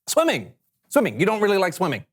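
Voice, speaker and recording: Playful, easygoing man, unhurried, for a light kids' show. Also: mid-range voice, expressive.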